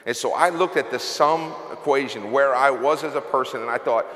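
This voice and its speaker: A man's voice: medium pitch, fairly quick, a bit bright. A middle-aged man, a company CEO, giving an emotional, confessional motivational speech from a stage. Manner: confessional, earnest, emotional storytelling. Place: large event hall. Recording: echoey hall with long reverb.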